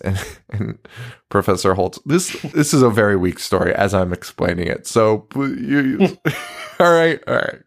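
A man in his thirties co-hosting a podcast, rambling and laughing with profanity. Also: medium pitch. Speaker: podcast co-host. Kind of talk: casual chat.

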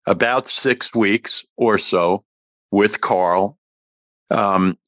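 In an interview, a guest actor, an older man, spins a lengthy tale with feeling, voicing each character's dialogue in animated fashion. He has a fairly low voice, recorded dry with no room sound.

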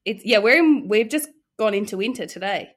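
A woman's voice: medium pitch, animated, fairly quick. A woman with an Australian accent, hosting a podcast in casual chat, laughing often and swearing freely. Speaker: podcast host.

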